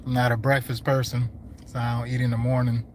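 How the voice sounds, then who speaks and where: A man in the middle of a casual livestream, talking from inside his truck as he drives. He rambles in a loose, slangy way at an everyday mid pitch, and his voice is wearing thin. A faint hum of road noise sits under his words. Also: monotone, a little fast, a little mellow. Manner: rambling, laid-back, slangy talk. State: hungry and losing his voice. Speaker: landscaping business owner. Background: faint vehicle road noise.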